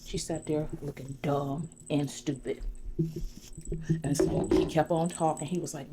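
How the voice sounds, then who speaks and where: A low-voiced woman tells gossip in a chatty, rambling way, sprinkling "you know" through an ASMR salon role-play. A steady hiss runs under her voice. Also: unhurried. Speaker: ASMR creator.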